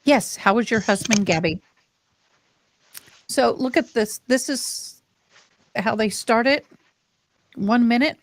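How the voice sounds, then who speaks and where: A woman's voice: a little high, slow, long pauses. An older American woman hosting a live stream, chatting casually with viewers and a caller while showing clips. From United States. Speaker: livestream host.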